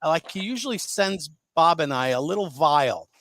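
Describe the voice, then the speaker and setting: A man's voice: fairly high pitch, animated, normal speed, a bit bright. A man co-hosting a casual cigar and whiskey tasting chat, describing flavors with enthusiasm. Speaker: co-host. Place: Las Vegas show floor.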